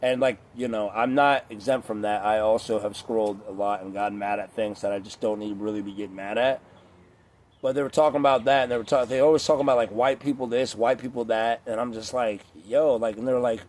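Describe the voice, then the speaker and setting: A man's voice: fairly low pitch, flat delivery, fast, darkish tone, slight background noise. Rambling, profane man ranting casually. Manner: rambling, profane, heavy on filler words. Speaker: vlogger. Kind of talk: casual rant to camera.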